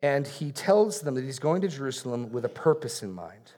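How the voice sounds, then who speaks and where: A man preaching an expository sermon in an earnest way, repeating key phrases for emphasis and going quiet on solemn points. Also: medium pitch, big pitch swings, brisk.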